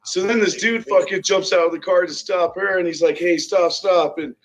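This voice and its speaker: A man's voice: high-pitched, a little fast, a bit bright, rough recording. A young man telling a rowdy story to his friends, swearing a lot and laughing often. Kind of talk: casual chat.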